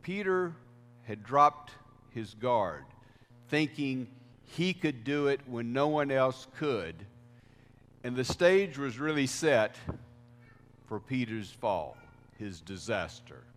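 A man preaching a sermon as pastor, deliberate, with swells of emphasis. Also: medium pitch, lively intonation, fairly bright tone. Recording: reverberant hall sound.

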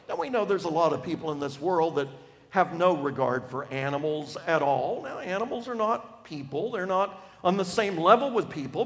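A man preaching a sermon on a Bible passage, emphatic, dropping from loud to hushed for effect. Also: sits high. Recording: long reverb of a large hall.

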